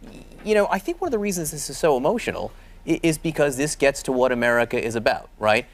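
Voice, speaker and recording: Guy on a news panel talking really fast, casual tone, mid voice. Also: medium pitch, lively intonation. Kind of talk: live news discussion.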